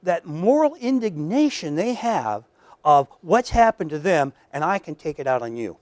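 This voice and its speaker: A man's voice: fairly high pitch, big pitch swings, normal speed, a little mellow, no room sound. Emphatic man giving a lecture. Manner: emphatic, repeats words, talks to the audience directly. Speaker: lecturer at an addiction workshop. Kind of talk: conversational lecture. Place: lecture room.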